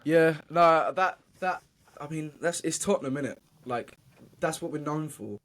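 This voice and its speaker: A man co-hosting a casual football podcast, excitable and swearing casually. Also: a little high, moderate pace. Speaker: podcast co-host.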